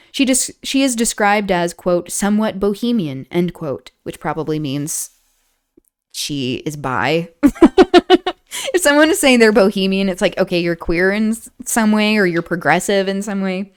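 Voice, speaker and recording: A host reading a book introduction aloud on a stream, stumbling over words at times and breaking off into casual asides. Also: female voice, mid-range voice, clear, resonant tone. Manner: stumbles and restarts on words, laughs at own slips; breaks off into chatty commentary. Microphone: streaming setup.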